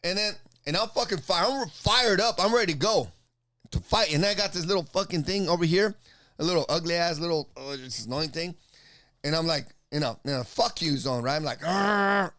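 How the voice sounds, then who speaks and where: A man, telling a fight story in a casual, profane, animated way. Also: on the high side, a little fast. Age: 50s. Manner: animated, profane, acts out both sides of an argument. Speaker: jiu-jitsu competitor telling a story.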